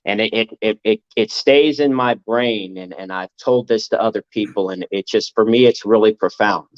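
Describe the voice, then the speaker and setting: A man's voice: on the low side, moderate pace. A man in casual podcast chat, talking earnestly and motivationally, repeating his points. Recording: dull lo-fi audio.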